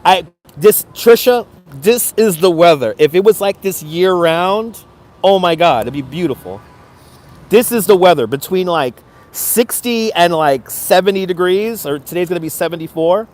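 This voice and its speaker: Streaming live from his phone on a city street, an upbeat man greets viewers by name and gives them a motivational push in casual chat. His voice is high and expressive, with a darkish tone and a moderate pace.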